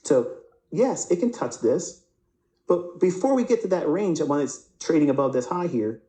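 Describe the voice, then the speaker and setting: Walking through price charts live, this trading instructor speaks animatedly at a moderate pace in a mellow, not very bright voice. He questions and answers himself, stumbling over repeated words and restarting sentences, all in a roomy, echoing space.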